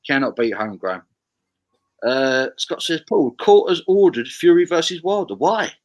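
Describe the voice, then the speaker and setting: English stream host reading viewer comments. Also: male voice, a little high, big pitch swings, normal speed, muffled recording. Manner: reads viewer comments aloud, stammering restarts. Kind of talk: casual live-stream chat.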